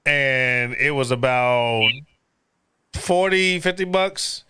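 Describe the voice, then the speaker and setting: A man hosting a casual live podcast chat, rambling and profane and quick to laugh. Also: medium pitch, sharp tone, clean tone, dry recording. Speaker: podcast host.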